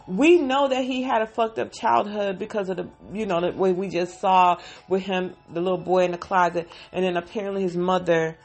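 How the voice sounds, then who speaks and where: A woman's voice: lowish voice, fairly even intonation, brisk, hardly any pauses, faint music behind. A woman casually recapping a TV episode into a phone, with sighs and heartfelt emotion. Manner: emotional, sighing, heartfelt retelling.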